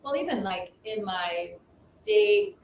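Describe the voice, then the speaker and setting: A woman minister and business coach in casual spiritual chat, animated and acting out inner voices. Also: mid-range voice, slow pace, muffled recording. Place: home livestream. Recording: roomy, distant mic, faint noise.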